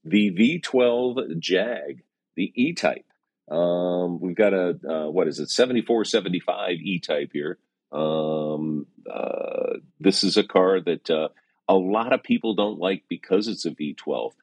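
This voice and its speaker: A man's voice: low voice, measured pace, darkish tone, no echo. A middle-aged man, a classic car valuation expert, chatting casually and hesitantly with lots of fillers and some wry teasing. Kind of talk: casual conversational chat.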